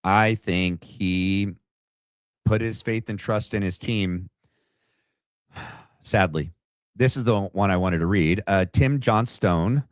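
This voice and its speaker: A man's voice: low voice, slow, pauses often, no echo, studio quality. A man hosting a livestream, giving opinionated commentary in a conversational way and reading out viewer chat. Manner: opinionated and conversational, thinks aloud. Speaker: podcast host.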